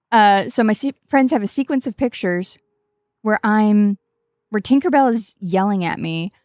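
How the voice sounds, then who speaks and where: Chatty swearing woman streamer, smooth voice. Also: medium pitch, dry recording, clean studio sound. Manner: chatty, swears freely, self-mocking. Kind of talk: casual storytelling while gaming.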